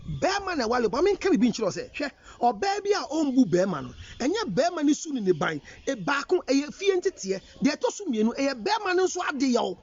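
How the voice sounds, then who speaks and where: High, lively Ghanaian man lecturing. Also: brisk, few pauses, dull audio. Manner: emphatic, scolding, rhetorical questions. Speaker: relationship counselor. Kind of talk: counseling talk mixing English and Twi.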